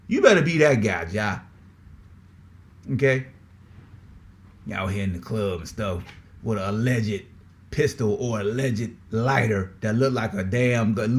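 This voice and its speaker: Animated man ranting on a sports podcast. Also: fairly low pitch, a little slow, long pauses. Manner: animated, exasperated, repeats rhetorical questions. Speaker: podcast host. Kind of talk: casual sports talk.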